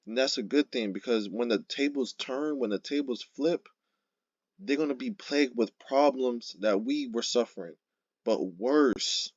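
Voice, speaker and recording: A man giving an informal sermon, reading scripture verses slowly and then driving points home emphatically with frequent "okay?" and "right?". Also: medium pitch, dry recording, dull audio. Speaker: street-style scripture teacher.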